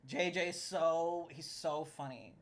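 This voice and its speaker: A woman's voice: deep voice, measured pace. A woman co-hosting a podcast, gushing and laughing often in casual chat about a show. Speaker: podcast co-host.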